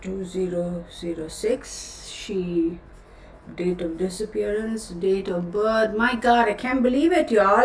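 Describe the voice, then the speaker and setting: A woman with a Texan accent talks casually to her livestream viewers, with frequent asides and self-corrections. She sits a little back from the mic in a roomy space, so her voice picks up some echo. Her pitch sits in an ordinary middle range. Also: takes it slowly, far from the mic, slight background noise. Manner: chatty, self-interrupting, addresses viewers as y'all. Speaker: tarot reader, channel host.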